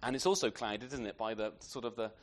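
A man preaching an expository sermon in a conversational way, often ending points with tag questions and restarting his sentences. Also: fairly low pitch. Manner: halting restarts, repeated words.

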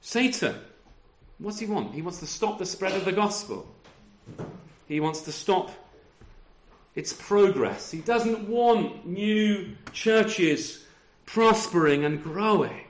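A man's voice: high-pitched, lively intonation, slow, echoey room. A middle-aged man preaching a sermon over a video call, talking conversationally and often ending with tag questions. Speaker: pastor.

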